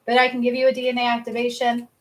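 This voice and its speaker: Casting: woman, psychic livestream host, a bit high-pitched, talky, laughs a lot, swears casually. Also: completely flat delivery, rapid-fire, low-quality recording. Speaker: psychic reader and energy healer. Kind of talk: casual livestream card reading.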